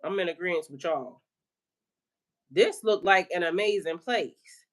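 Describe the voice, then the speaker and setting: A woman's voice: fairly low pitch, measured pace. A woman hosting a livestream as a spiritual life coach, chatting casually with viewers in a playful, slangy way and laughing often.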